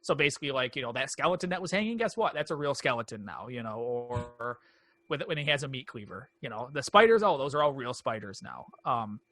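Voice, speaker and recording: A man co-hosting a movie podcast, retelling a TV episode in casual, animated chat. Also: medium pitch, a little fast, dry recording. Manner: animated storytelling, acting out quoted lines. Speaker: podcast co-host.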